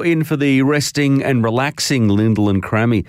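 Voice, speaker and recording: A man reading the weather and announcing on a radio show, brisk and upbeat. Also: mid-range voice, darkish tone, no room sound, clean studio sound.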